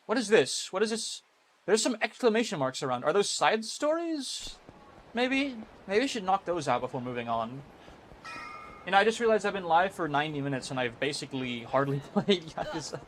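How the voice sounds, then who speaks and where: A man's voice: fairly high pitch, sing-song, fairly quick, a bit bright, slight background noise. A man streaming a video game live, chatting casually with his viewers, rambling, swearing freely and laughing often. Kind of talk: casual live-stream chat while gaming.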